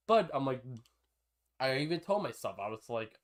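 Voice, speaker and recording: A man chatting casually on a live gaming stream, rambling between thoughts and breaking into sudden excited outbursts. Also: medium pitch, a little fast.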